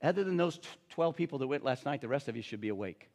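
A man's voice: medium pitch, animated, fast, darkish tone, big-room sound. A man preaching a sermon and reading scripture aloud, talking to the congregation in a casual way and often checking in with them. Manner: conversational, addresses congregation with tag questions.

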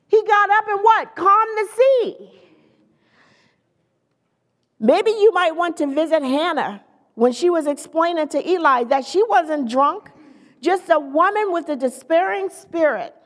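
Preaching with lively, conversational energy, a woman with a very high voice makes playful asides to her congregation, and her words trail off into a long reverb tail.

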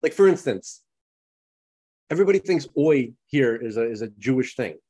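Podcast guy, casual chat, rambly, lots of you knows, average pitch. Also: expressive, normal speed, darkish tone, slightly rough. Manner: rambling, many restarts and "you know"s. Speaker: podcast co-host. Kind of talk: casual conversation.

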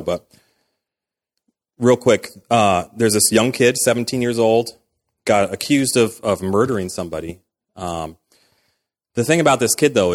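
A man in his thirties, a pastor giving a sermon in a conversational way, acting out quoted dialogue as he goes. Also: fairly low pitch.

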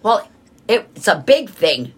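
Woman, radio co-host, easygoing banter, lively pitch, husky tone. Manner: easygoing, quick reactions. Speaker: radio talk show co-host. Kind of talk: casual on-air banter.

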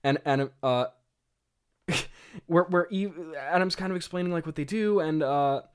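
His voice is smooth, fairly high, and a little slow as the writer comments casually on his old script. Laughter keeps breaking in, along with filler words and plenty of self-mockery.

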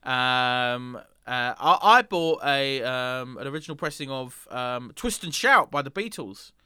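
A man's voice: mid-range voice, lively intonation, a little slow, pushed and bright, clean tone, no echo, clean studio sound. A man co-hosting a comedy podcast, telling a rambling story with lots of ums and restarts. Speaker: podcast co-host. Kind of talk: casual comedic chat.

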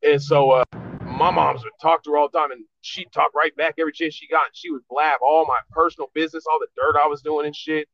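A man's voice: fairly high pitch, steady tone, fast talker, gravelly, no echo. A man, a podcast guest, telling a rambling, profane story in casual chat. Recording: dull lo-fi dry sound.

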